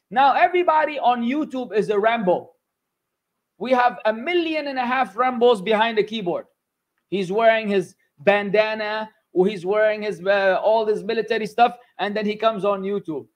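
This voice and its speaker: A man teaching a religious class, animated and scolding, dropping Arabic phrases into his talk. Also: high voice, moderate pace. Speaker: Islamic teacher.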